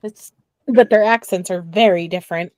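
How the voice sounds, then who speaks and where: A woman's voice: on the low side, moderate pace, a little mellow, dry recording. A woman co-hosting a livestream, chatting casually and teasing in a rambling way. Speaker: livestream co-host. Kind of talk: casual chat.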